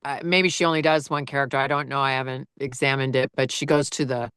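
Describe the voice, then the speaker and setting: A woman who narrates audiobooks talks in an easy, chatty way and laughs often as she tells stories. Her voice sits low but rings bright and crisp. The recording is close and dry, with little room sound. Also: steady tone, fast talker, no echo. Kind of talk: casual chat.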